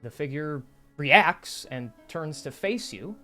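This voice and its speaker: A man's voice: fairly high pitch, animated, slow pace, sharp tone, soft background music. A man narrating a tabletop game as game master, jokey and playful.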